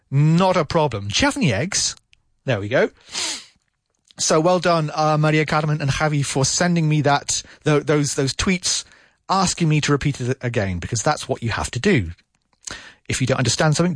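A man hosting a radio English lesson, patiently repeating phrases slowly to demonstrate pronunciation. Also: medium pitch, slightly rough, no echo. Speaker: English teacher and show host.

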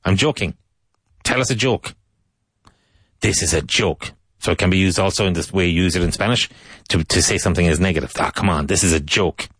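A man teaching English in a language lesson, repeating words and sentences slowly for learners to copy. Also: sits low, a bit bright, no echo, clean studio sound. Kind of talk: language lesson with spoken drills.

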